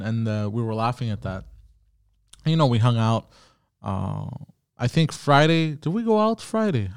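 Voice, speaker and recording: A man's voice: medium pitch, smooth, no room sound, clean studio sound. A man hosting a podcast, telling a story in a casual, profane way with many fillers and restarts. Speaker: podcast host.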